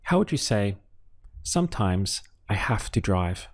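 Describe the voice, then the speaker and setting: A man with a fairly low voice leads a calm, unhurried lesson. He talks very slowly and breaks words into syllables. Each question is followed by a pause. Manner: patient, asks questions then pauses for answers. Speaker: Spanish teacher. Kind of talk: slow step-by-step language lesson.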